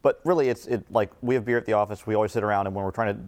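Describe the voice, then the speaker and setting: Casting: man with a very low voice, relaxed, explains things in casual chat. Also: very fast.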